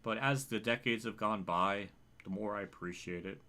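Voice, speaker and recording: A man's voice: lowish voice, moderate pace, pushed and bright. A man streaming a racing game, talking in a rambling, emotional way and swearing often. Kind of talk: emotional livestream commentary.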